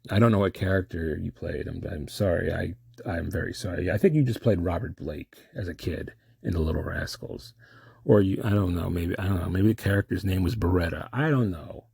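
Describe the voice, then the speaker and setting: Rambling man with a deep gravelly voice. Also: fairly quick, darkish tone, no room sound, clean studio sound. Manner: rambling, distracted, trailing off. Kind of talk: improvised comic monologue.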